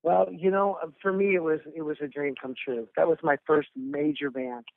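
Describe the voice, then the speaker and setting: A man in his forties from Oregon, a rock drummer chatting as a guest in an animated, slangy way, laughing often. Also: on the high side, normal speed, gravelly, no echo. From Oregon, USA. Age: 40s. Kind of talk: casual interview chat. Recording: tinny phone line.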